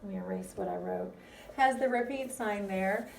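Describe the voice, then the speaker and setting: A woman teaching a music lesson to young children, in a gentle, encouraging way that speaks straight to them. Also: mid-range voice, huge pitch swings, normal speed, far from the mic, a little hiss or hum.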